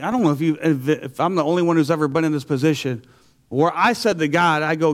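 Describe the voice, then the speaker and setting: A man telling his personal faith testimony with animated storytelling, acting out his own reactions and going low and quiet for serious moments. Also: quick pace. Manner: asks listeners "you see what I'm saying?". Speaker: speaker sharing a faith testimony.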